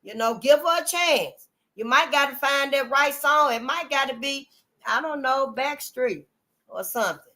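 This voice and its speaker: Frank, bright-voiced woman host. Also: sits high, normal speed. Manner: frank, earthy and emphatic, calls listeners honey and y'all. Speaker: channel host. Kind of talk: casual monologue to viewers.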